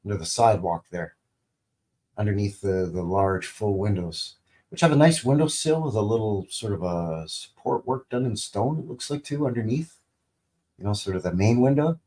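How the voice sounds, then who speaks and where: A man in his fifties talks through old clips in a loose, meandering live-stream style, with plenty of fillers. His voice sits fairly low and unhurried, and he tosses off wry little jokes as he goes. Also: animated, mellow. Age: 50s. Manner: rambling, joking asides, many fillers. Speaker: channel host. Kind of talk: casual livestream commentary over TV clips.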